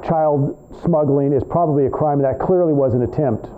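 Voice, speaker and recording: A male professor lecturing a class in an animated, rambling way, trading remarks with students, in a tinny, phone-like recording. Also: fairly high pitch, normal speed. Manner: animated, rambling, talks back and forth with students.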